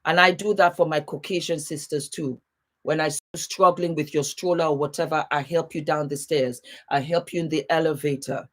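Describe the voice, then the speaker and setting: A woman's voice: low voice, steady tone, moderate pace. Chatty woman hosting a live stream. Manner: warm, chatty, calls viewers baby and beautiful; laughs often. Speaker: YouTube host greeting live viewers. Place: home, seated.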